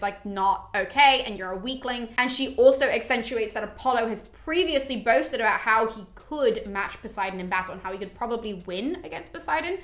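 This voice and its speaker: A woman's voice: fairly high pitch, a bit bright. Chatty British woman in a roomy room. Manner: chatty, swears freely, many "like" fillers. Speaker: mythology podcast host. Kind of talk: casual retelling of a classic poem. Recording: roomy echo.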